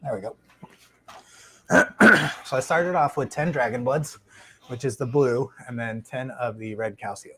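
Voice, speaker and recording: In a home fish room, a man streams casually about his shrimp tanks over a lapel mic, rambling with frequent fillers and restarts. His mid-range voice moves a little slowly with many pauses, while tanks hum faintly in the background.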